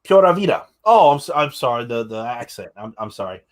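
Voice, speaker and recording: A young adult man hosts a casual livestream, chatting, joking with his guests, and showing off products. His mid-range voice is animated and slightly fast.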